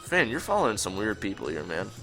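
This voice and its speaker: A man's voice: fairly low pitch, sing-song, quick pace, bright, forceful tone, soft background music. A young man co-hosting a casual chat, joking and laughing often. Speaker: podcast co-host.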